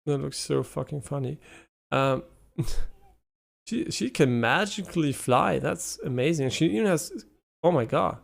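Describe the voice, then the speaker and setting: A young man streaming live, giving casual gameplay commentary, excitable and swearing a lot as he talks to his chat. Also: a little high, measured pace, creaky, long pauses.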